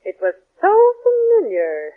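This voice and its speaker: A woman's voice: huge pitch swings, a little slow. An actress playing a flustered, indignant middle-aged mother in a 1940s radio sitcom, theatrical and exclaiming. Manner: theatrical, exclaiming, sweeping pitch. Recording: tinny old radio broadcast.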